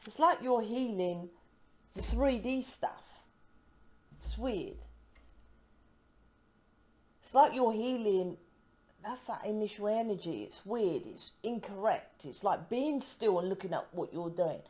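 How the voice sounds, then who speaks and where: A woman's voice: medium pitch, expressive, slow pace, pauses often, darkish tone. A woman from the UK doing a casual tarot reading to camera, emphatic and rambling, breaking off mid-word and asking "right?" to win agreement. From United Kingdom. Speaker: tarot reader.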